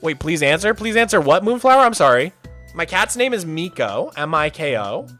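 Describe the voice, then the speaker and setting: Young male streamer, bright and fairly high, chatty chat-reader, faint music under. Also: big pitch swings, moderate pace. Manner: chatty, reads chat aloud, loose restarts. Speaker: streamer host. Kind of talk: casual livestream chat.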